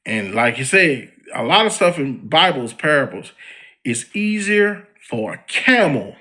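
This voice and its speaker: A man delivers a one-man podcast rant in a loose, slangy street register, talking straight at the person he criticizes. His voice sits a little high and sounds bright and forward, and his pitch leaps around a lot as he argues. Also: unhurried. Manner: slangy and animated, addressing a celebrity directly. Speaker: podcast host. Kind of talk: ranting commentary monologue.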